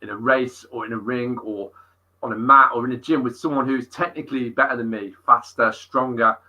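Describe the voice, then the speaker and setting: A middle-aged fitness coach tells gym stories in an animated, sweary podcast chat. His voice is forceful and tense, with a husky edge. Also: medium pitch, a little fast, poor audio. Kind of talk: casual interview storytelling.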